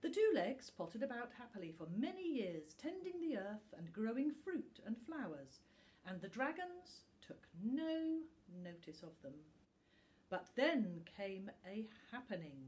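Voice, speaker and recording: A woman, a school teacher, reading a bedtime story aloud in a calm, gentle manner with dramatic pauses. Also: fairly high pitch.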